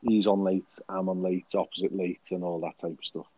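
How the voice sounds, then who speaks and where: A man's voice: deep voice, flat delivery, a little fast, warm tone, no room sound, muffled recording. A man co-hosting a casual podcast, telling stories in a sweary, jokey way. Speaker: podcast co-host.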